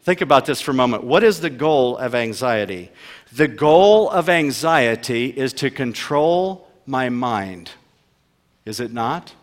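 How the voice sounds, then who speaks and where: A man preaching a sermon as pastor, emphatic, asking rhetorical questions and swinging between loud and soft delivery. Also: medium pitch, lively intonation, unhurried. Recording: long reverb of a large hall.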